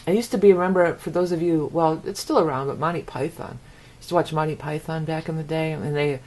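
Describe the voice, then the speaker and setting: Give me a woman from the US with a deep voice, talking loosely through an astrology forecast. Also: a little fast, darkish tone. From United States. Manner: rambling, repeats words for emphasis. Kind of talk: casual monologue forecast.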